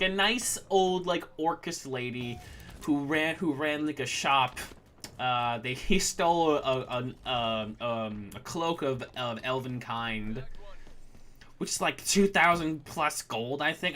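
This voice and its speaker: A man with a mid-range, fairly bright voice streams a game while chatting casually about running a tabletop campaign. He rambles with lots of fillers and restarts, and there's a little hiss or hum.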